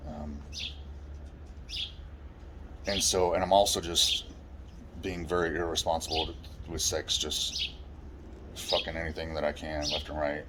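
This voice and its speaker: A man's voice: very deep voice, noisy background. A man telling his own life story in a blunt, plain-spoken way, swearing often. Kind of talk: personal life story monologue.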